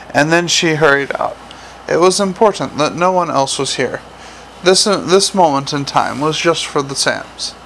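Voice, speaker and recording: Male audiobook narrator, somewhat raised pitch, dry wry delivery, faint hiss on the recording. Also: a bit bright, poor audio.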